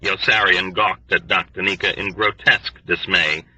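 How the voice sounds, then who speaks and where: A man narrating an audiobook in an expressive, lively storytelling manner. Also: low voice, normal speed, slightly rough, no echo, recorded from a distance. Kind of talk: scripted narration. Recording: dry, dull lo-fi recording.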